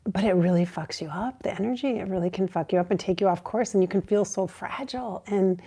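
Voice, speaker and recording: A middle-aged woman talking in a casual, emphatic way to her viewers as a psychic channel host, swearing and jumping to high exclaims. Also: fast, dark tone, husky. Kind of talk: casual spiritual vlog talk.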